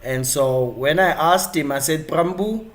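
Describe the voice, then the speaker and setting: A man's voice: a little high, a little slow. A male live-stream host giving chatty, rambling commentary with many fillers and restarts.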